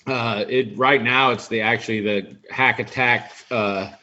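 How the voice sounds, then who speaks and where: A man's voice: mid-range voice, steady tone, a little slow, sharp tone, dull audio. A man talking as a guest in a casual remote chat, plain-spoken and easygoing, often saying "you know". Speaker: guest angler.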